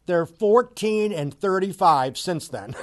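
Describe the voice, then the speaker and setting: A middle-aged man delivers a fiery sports commentary rant. His slightly high voice swings wildly, dropping to sarcastic low mutters before bursting into mocking shouts.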